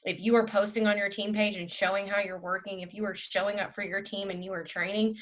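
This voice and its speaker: A woman leading a group call, giving a fervent, preachy pep talk that swings between loud and soft. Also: medium pitch, fairly even intonation, brisk, few pauses, muffled recording. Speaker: team leader on a group call.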